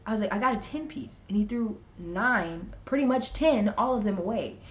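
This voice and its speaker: A woman's voice: medium pitch, moderate pace. Young woman telling a family story. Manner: animated, acts out family members' lines in quotes. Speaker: vlogger. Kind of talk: casual storytelling while getting ready. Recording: echoey room.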